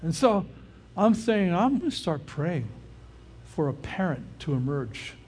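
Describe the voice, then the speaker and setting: A man's voice: fairly high pitch, sing-song, a little slow, darkish tone, slight background noise. An older man preaching a casual, conversational sermon who often stops to check in with his listeners. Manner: informal, often checks in with the audience. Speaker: pastor.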